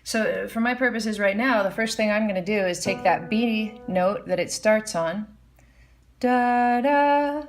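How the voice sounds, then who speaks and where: A woman's voice: medium pitch, fairly even intonation, normal speed, few pauses. A woman teaching a casual music lesson at the piano, explaining notation and singing melody lines on "da". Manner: hums and scats melody lines while explaining.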